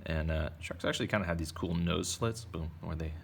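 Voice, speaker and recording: A man's voice: low-pitched, a little fast, creaky, a little hiss or hum. A man casually teaching kids to draw, playful and chatty as he narrates each step. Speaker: art teacher. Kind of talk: casual drawing tutorial for kids.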